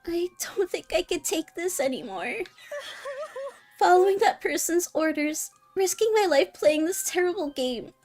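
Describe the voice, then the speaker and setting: A frightened young girl cracks under the strain, her voice high and shaking, as a woman puts her on. She sounds close to crying. A storybook game character in despair. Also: big pitch swings, slow, darkish tone, soft background music, full character voice. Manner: high, trembling, near crying.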